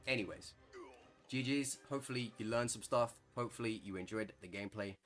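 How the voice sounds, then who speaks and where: A man's voice: mid-range voice, fairly quick, a bit bright. A man commentating on his own gameplay in a chatty, joking way, laughing often. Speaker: gaming content creator. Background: game music.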